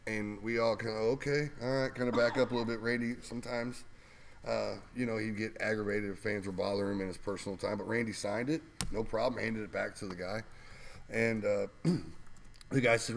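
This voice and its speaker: Man, low voice, casual rambling storyteller, chuckles between lines. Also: fairly even intonation, fairly quick, slight background noise. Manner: rambling, laughing anecdotes with fillers. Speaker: guest co-host telling wrestling stories.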